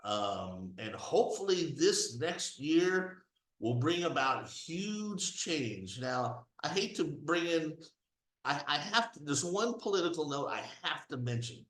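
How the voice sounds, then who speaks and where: A man giving an emphatic religious and political commentary monologue, rising to near-shouts when indignant. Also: a little high, sing-song, slow pace, reverberant, poor audio. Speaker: commentary host.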